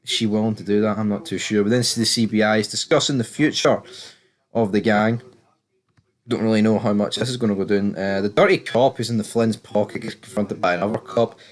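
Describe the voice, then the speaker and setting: A man's voice: fairly even intonation, a little fast. Chatty British man recapping a show. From Britain. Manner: chatty and opinionated, swears freely, jumps up high when exclaiming. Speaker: TV show reviewer. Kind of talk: casual spoken recap and commentary.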